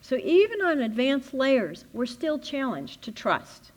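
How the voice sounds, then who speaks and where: A woman giving a spiritual teaching talk, animated and laughing often as she acts out little scenes. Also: high voice, unhurried. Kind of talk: playful teaching talk with acted-out inner dialogue.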